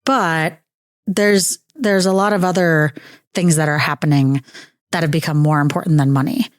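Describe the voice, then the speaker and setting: A woman's voice: deep voice, fairly even intonation, normal speed, no echo, studio quality. A woman hosting a casual podcast interview, teasing her guest in a jokey way. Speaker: podcast host.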